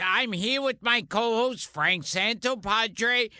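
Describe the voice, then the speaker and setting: A man's voice: high voice, very slow, pauses often, bright, forceful tone, clear, resonant tone, dry recording, clean studio sound. A man co-hosting a podcast in a joking, self-mocking casual chat. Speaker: podcast co-host.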